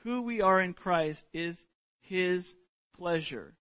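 A middle-aged man preaching a sermon as pastor, earnest and deliberate, stretching out words for emphasis. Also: sits high, no echo, lo-fi sound.

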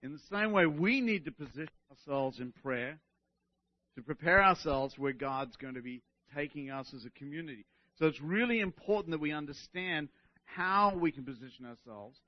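High-voiced male preacher, keeps asking "right?", dull dry recording. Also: moderate pace, no echo. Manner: animated, keeps asking "right?", restarts words. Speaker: pastor. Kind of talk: sermon.

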